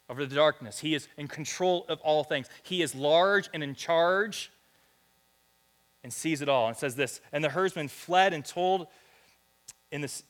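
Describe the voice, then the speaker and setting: A man's voice: fairly high pitch, a bit bright. A man preaching a sermon in a church, reading scripture and building to fervent repeated phrases. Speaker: pastor. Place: church hall.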